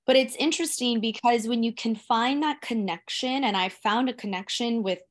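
A woman's voice: fairly high pitch, moderate pace. A woman co-hosting a podcast, speaking heartfelt and rambling in casual chat. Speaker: podcast co-host.

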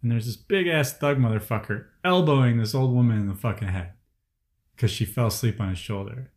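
A man in his thirties from the Chicago area, telling personal stories in a casual group conversation, cursing often and getting louder as he gets angry. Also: mid-range voice, fairly quick. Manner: profane, heated storytelling, voice rising when angry. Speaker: guest sharing personal stories.

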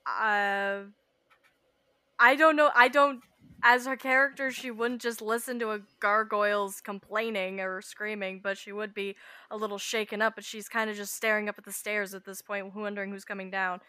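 A woman's voice: medium pitch, steady tone, normal speed, sharp tone, clean tone, dry recording. A woman playing a tabletop game, thinking aloud hesitantly as she describes what her character does. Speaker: player. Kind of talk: casual tabletop play.

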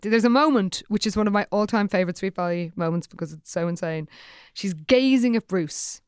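A woman's voice: medium pitch, brisk, darkish tone, clear, resonant tone, dry recording, studio quality. A woman co-hosting a podcast, wry and enthusiastic as she discusses a book. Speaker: podcast co-host.

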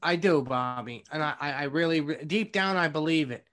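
A man's voice: on the high side, moderate pace, a bit bright. A man co-hosting a podcast, bragging with over-the-top confidence in casual comedic banter. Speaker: podcast co-host.

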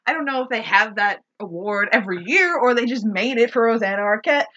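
A woman co-hosts a casual podcast, sarcastic and quick to laugh and swear. Her voice sits a little high, with a bright, sharp edge. The recording is dull and lo-fi. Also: animated. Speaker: podcast co-host. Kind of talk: casual chat.

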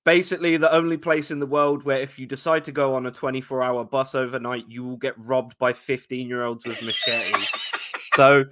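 Man, London accent, podcast guest, bright tone, joking, confident. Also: medium pitch, fairly even intonation, normal speed. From South London. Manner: joking, confident, talks game analysis. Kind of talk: casual sports podcast chat.

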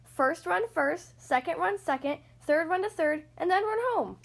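A woman's voice: sits high, lively intonation, normal speed. A woman voicing a patient dad coach. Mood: instructive.

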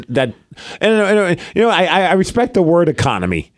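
A man's voice: sits high, huge pitch swings, fairly quick, faint music behind. A man in his thirties co-hosting a podcast in casual chat, acting out his toddler in his stories. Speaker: podcast co-host.

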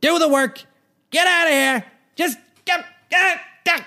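A man putting on a high, shouting voice as an exasperated comic figure shooing someone off. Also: unhurried, heavily acted.

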